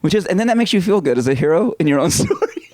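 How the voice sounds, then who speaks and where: A man telling prank-call stories in casual podcast chat, laughing often and acting out calls in a lower, deadpan official voice. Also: fast talker, no room sound. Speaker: podcast guest, comedian.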